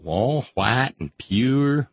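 A man's voice: mid-range voice, lively intonation, very slow, dry recording. A man reading aloud in a sardonic comic style, with wry, mock-solemn asides. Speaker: comic reader. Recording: dry, slightly dull lo-fi sound.

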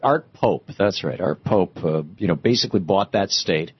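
A man hosting a political talk radio show, speaking in an animated, sarcastic way that climbs into outrage. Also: deep voice, moderate pace, breathy edge, muffled recording. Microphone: studio microphone.

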